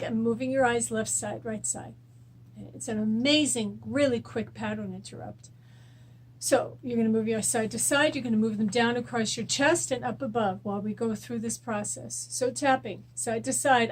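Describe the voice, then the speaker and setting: A woman with a husky, rather high voice hosts a weekly self-help show at normal speed, gently coaching listeners through a tapping exercise with repeated affirmations. She's the host and a rapid eye technician.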